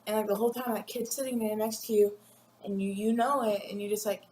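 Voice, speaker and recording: A teenage girl rambling and giggling through a casual vlog, acting out classmates in quick voices. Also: mid-range voice, fairly even intonation, darkish tone, a little hiss or hum. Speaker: vlogger. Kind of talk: casual chat to camera. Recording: echoey room with faint ambience.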